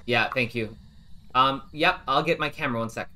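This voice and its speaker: A man streaming a ghost-hunting game, talking excitably with teammates and viewers. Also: mid-range voice, normal speed. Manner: animated, excitable, addresses viewers. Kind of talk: live gameplay commentary.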